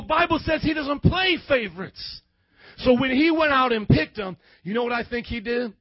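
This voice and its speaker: A man preaching an energetic, slangy youth sermon that leans on call-and-response and often breaks into shouts to the crowd. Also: extremely high pitch, moderate pace, no echo. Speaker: youth pastor. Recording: dull dry lo-fi recording.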